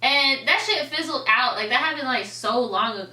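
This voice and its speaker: Woman podcast co-host, crisp bright voice, casual profane chatter, roomy distant sound with faint hiss. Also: high-pitched, expressive, brisk. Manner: loose and profane, laughs often. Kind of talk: casual chat.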